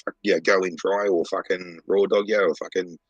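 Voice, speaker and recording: A man's voice: deep voice, level tone, moderate pace, breathy edge, no echo, highs cut off. A man with an Australian accent co-hosting a podcast in casual chat, blunt, profane and rambling as he tells stories. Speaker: podcast co-host.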